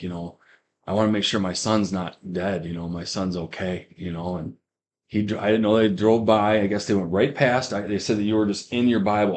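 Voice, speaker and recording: Low-voiced man telling his testimony. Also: darkish tone. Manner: rambling storytelling with many restarts and fillers. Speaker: guest giving a testimony. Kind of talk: personal testimony on a podcast.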